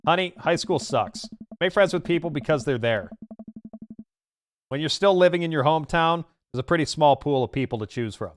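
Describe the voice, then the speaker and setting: A man reading the lines of a dad comforting his daughter in a dating game, soft and earnest. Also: a little high, lively intonation, brisk, soft background music, lightly acted. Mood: gentle.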